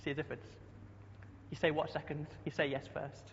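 A man's voice: on the high side, flat delivery, fairly quick, a little hiss or hum. A young man preaching a chatty sermon, often asking the congregation questions. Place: church hall. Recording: dull sound with long hall echo.

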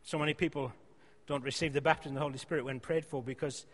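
High-voiced preacher in a reverberant hall. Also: male voice, steady tone, fast talker. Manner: earnest, emphatic, rising to loud exhortation then dropping soft. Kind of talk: sermon. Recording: long reverb of a church hall.

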